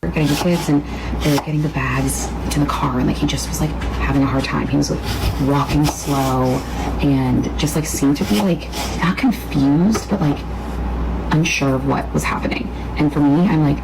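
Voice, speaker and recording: A woman's voice: low voice, fairly even intonation, moderate pace, creaky, background noise. A woman speaking in a confessional vlog, rambling with lots of "like" fillers. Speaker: video diarist.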